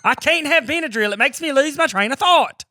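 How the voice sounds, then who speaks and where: A man's voice: very high-pitched, animated, brisk, bright, forceful tone, dry recording, studio quality. A man hosting a casual comedy podcast, telling loose, profane stories and laughing often.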